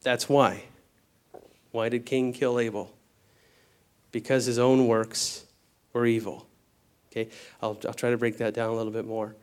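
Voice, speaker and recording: A man preaching a Bible teaching sermon in a conversational way, often checking in with the congregation and slowing down to explain word meanings. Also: medium pitch, level tone, smooth. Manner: conversational, peppered with "okay?" checks.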